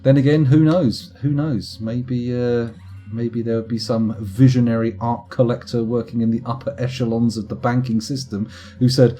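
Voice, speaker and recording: A man's voice: medium pitch, fairly even intonation, moderate pace, mellow, soft background music. A man streaming a game late at night, chatting in a rambling, wry, self-mocking way to his viewers. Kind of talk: casual live-stream chat while gaming.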